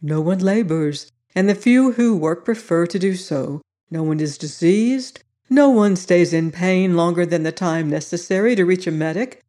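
A narrator voicing an old male sociologist, benign and softly insistent, in an audiobook reading. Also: mid-range voice, moderate pace, hardly any pauses, natural voice. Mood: calm. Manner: soft and insistent.

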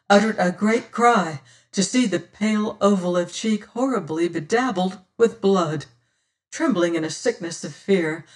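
Dramatic audiobook narrator, distant mic. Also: medium pitch. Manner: dramatic, swelling loud on exclamations, hushed on quiet passages. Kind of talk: first-person audiobook reading of a period romance.

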